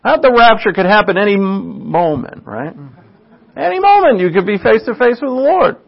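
A man's voice: sits high, big pitch swings, normal speed, creaky. A man giving an informal, chatty sermon, often checking in with the listeners by asking "right?". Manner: chatty, asks "right?" often, laughs at own asides. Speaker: preacher. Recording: dull lo-fi recording.

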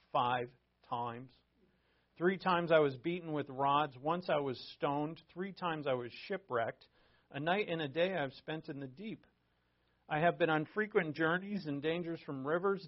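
A man delivers a sermon that moves between scripture reading and relaxed, conversational explanation. His voice sits a little high. The recording sounds dull and lo-fi. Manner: reads scripture aloud, then explains it conversationally with asides. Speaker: pastor. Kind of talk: verse-by-verse sermon.

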